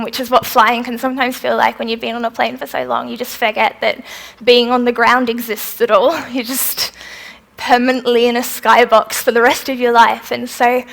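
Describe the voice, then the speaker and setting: A woman's voice: a little high, fairly bright tone. Bubbly young woman with a mixed Aussie-British accent. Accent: Australian with some British influence. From Australia. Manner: bubbly, chatty, candid. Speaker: festival speaker. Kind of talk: live talk answering audience questions.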